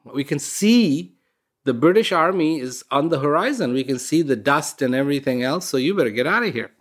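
A man doing hurried, anxious palace guards. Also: fairly high pitch, animated. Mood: urgent. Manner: urgent, pleading warnings.

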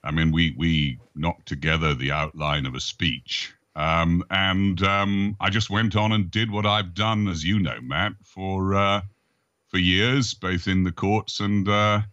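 A man with a very low, deep, resonant voice and a bright, forceful edge, answering interview questions formally and courteously. His voice comes through a dry, slightly dull remote line. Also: fairly even intonation, unhurried, no room sound. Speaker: guest, former Attorney General.

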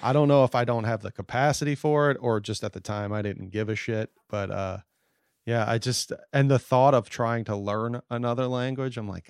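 A male podcast host with a mid-pitched voice chats loosely and swears freely. His sentences often trail off into quiet mumbles. The mic is close and the sound is dry. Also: steady tone, moderate pace, clear, resonant tone, no room sound. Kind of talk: casual podcast chat.

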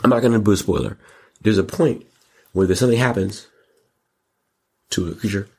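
Deep husky man hyping a movie. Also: a little fast. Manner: animated, slangy, repeats words for emphasis. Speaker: show host. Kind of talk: casual movie review monologue.

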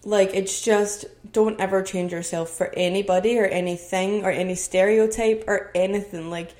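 A woman's voice: medium pitch, steady tone, moderate pace, a little mellow. A young woman with a Scottish accent talks straight to her listeners in a solo podcast. She speaks earnestly, building into motivational encouragement, recorded in her own home. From Scotland. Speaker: podcast host.

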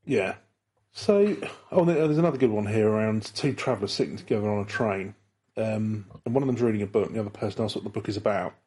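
Man, British, husky, low, podcast co-host, rambling casual chat. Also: fast talker, darkish tone. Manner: rambling, many restarts and chuckles.

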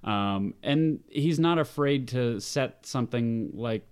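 A man talking as an actor guest, relaxed and enthusiastic, rambling a little. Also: mid-range voice, takes it slowly, clean tone. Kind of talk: casual chat.

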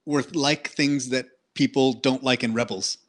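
A man's voice: medium pitch, steady tone, measured pace. A man from Texas co-hosting a podcast in casual chat, ranting in an exasperated way with frequent restarts.

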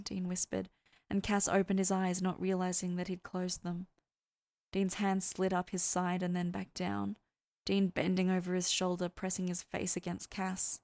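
A woman who hosts a podcast, narrating fan fiction in a soft, even storytelling way. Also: lowish voice, normal speed, gravelly. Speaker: podcast host and reader.

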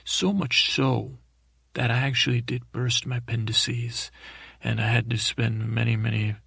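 A man rambles through an improvised bedtime story, stumbling and backtracking. His voice is deep-grained and gravelly with a husky edge. It sits close and dry on the mic. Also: fairly even intonation, measured pace, sharp tone, no room sound. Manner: meandering, full of self-corrections and fillers. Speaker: podcast storyteller.

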